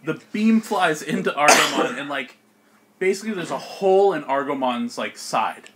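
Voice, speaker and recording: A young man runs a tabletop game as its narrator, describing the action in quick, animated bursts. His voice sits a little high and has a bright, forceful edge. He laughs often as he goes. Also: slight background noise. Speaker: game master.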